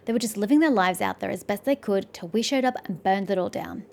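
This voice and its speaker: A woman's voice: medium pitch, quick pace, gravelly, lightly acted. A woman reading the lines of a remorseful male soldier in prison, blunt and swearing freely, with faint game music behind. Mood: bitter.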